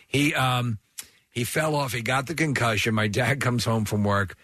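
A man co-hosting a morning radio show, telling jokes and stories in an animated way. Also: medium pitch, moderate pace, no echo, clean studio sound. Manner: animated joking storyteller. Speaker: radio co-host.

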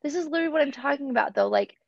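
A woman's voice: high voice, expressive, rapid-fire, vocal fry, no echo, highs cut off. A woman co-hosting a casual faith chat, reacting eagerly and building on what others say. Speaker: podcast co-host.

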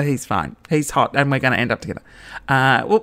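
A woman's voice: extremely low pitch, fairly quick, fairly bright tone. A woman, a comedian telling a rambling, self-mocking story on her podcast.

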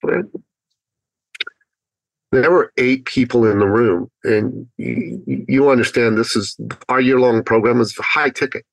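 A man telling a personal story as a guest on an interview podcast, acting out his own thoughts with animated pitch. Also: unhurried, creaky, no echo, rough recording. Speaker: podcast guest, business speaker.

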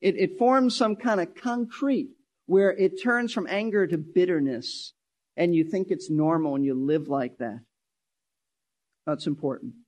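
A man with a notably high-pitched voice preaches to his congregation. He drives points home by repeating key phrases, speeding up and slowing down for emphasis. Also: a little mellow. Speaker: pastor. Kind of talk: sermon.

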